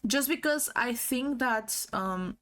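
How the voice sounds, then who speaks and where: A woman's voice: on the high side, lively intonation, slow pace, a bit bright. A woman streamer talking in a rambling, giggly way, swearing freely and filling her talk with fillers and restarts on a livestream with faulty audio. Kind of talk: casual livestream chat.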